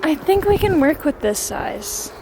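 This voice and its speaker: A woman's voice: high voice, very animated, a little slow, heavy background noise. A young woman talking casually while walking through a snowy forest, a bit breathless and chatty. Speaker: vlogger. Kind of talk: casual vlog narration.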